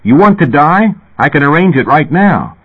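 A man voicing a loud, bullying male therapist who yells and hectors. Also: fairly high pitch, sing-song, normal speed, slightly rough, pitched above the performer's own voice. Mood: hectoring. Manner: yelling, hectoring. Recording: tinny phone-like recording.

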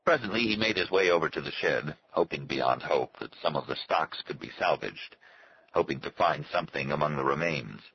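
A man giving a steady, measured reading of a novel as its narrator. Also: very deep voice, breathy edge, dull audio. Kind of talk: scripted audiobook narration.

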